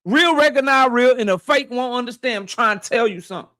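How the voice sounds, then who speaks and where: High-voiced man hosting a slangy live stream. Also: brisk, no room sound, clean studio sound. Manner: loose, slangy shout-outs to viewers. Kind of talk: casual live stream chat.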